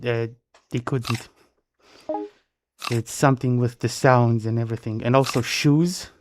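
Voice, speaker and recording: A man's voice: medium pitch, fairly even intonation, unhurried. A man from Romania with a Romanian accent, chatting playfully with viewers as a live game streamer, punning and repeating his phrases. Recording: noisy stream audio with clicks.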